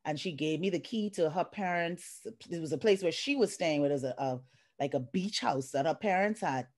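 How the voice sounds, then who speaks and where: A woman's voice: low voice, a little fast. A middle-aged woman from the Bahamas, a life coach and guest, telling a personal story with feeling, acting out what others said, over a video call. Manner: emotional, animated retelling with acted-out quotes.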